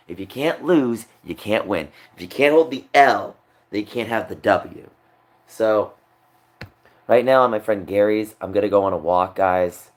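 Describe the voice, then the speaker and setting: A man's voice: fairly low pitch, a little slow. A young man on a livestream, talking upset and rambling, repeating himself. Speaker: streamer. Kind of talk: emotional livestream monologue.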